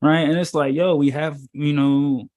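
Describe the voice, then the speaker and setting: A man's voice: fairly high pitch, little pitch movement, measured pace, darkish tone. A man giving a casual, preachy talk as a spiritual teacher at an informal meetup, rambling and emphatic, with many fillers and rhetorical questions.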